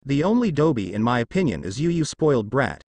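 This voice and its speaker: A man's voice: medium pitch, very animated, fairly quick, a little mellow, slightly rough, dry recording. A man voicing a cold, taunting young ninja. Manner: taunting and mocking.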